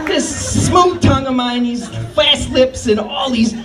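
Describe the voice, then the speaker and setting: A man's voice: extremely high pitch, unhurried, music in the background, a crowd in the background. A man in his fifties doing a rambling, crude, self-mocking stand-up comedy set. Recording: distant mic, noisy live room.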